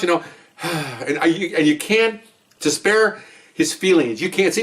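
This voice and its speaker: A man's voice: a little high, expressive, normal speed, fairly bright tone, far from the mic. A middle-aged man casually telling a story, acting out both sides of a phone call and laughing often. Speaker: podcast co-host, retired cop.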